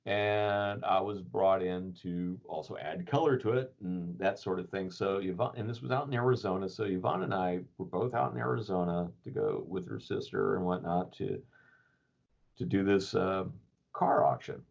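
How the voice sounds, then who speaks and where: Deep, gravelly and darkish in tone, a male podcast guest keeps his intonation fairly even and his pace moderate. He spins a story in a relaxed, rambling fashion, full of fillers and chuckles, on a dull lo-fi recording.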